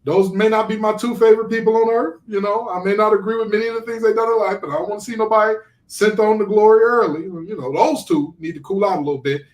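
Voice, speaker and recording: A man hosting a casual podcast, ranting in an animated, incredulous way. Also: sits high, fast talker. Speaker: podcast host. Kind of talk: casual sports podcast chat. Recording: roomy echo.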